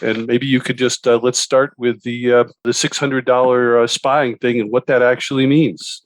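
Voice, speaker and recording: A male host leading an interview, casual and halting. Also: medium pitch, dry recording. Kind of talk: conversational interview.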